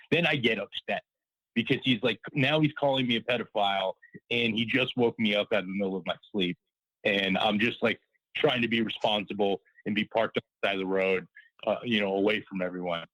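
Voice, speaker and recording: A man with a somewhat low voice tells a story over a call, rambling and stacking up "like" and quoted lines. The sound is dry, with little room around it. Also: moderate pace, sharp tone, dry recording, poor audio. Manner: rambling, full of fillers and quoted dialogue. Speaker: caller. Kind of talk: casual storytelling on a call-in show.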